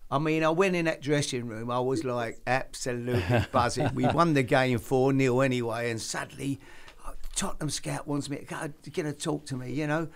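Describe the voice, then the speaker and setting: An older man hosting a casual chat, telling lively football anecdotes and putting on voices for the people he quotes. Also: medium pitch, a little fast, clean tone. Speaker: host.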